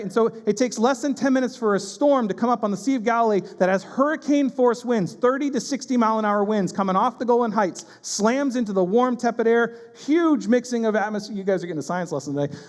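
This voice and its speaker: High-voiced male pastor in a reverberant hall. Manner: animated, acts out panicked voices, quick asides. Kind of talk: sermon. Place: church sanctuary.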